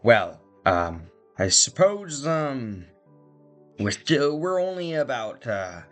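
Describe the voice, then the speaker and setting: A man's voice: medium pitch, very animated, slow pace, a bit bright, soft background music. A man narrating a tabletop game as game master and speaking for the figures, loose and hesitant, with many fillers.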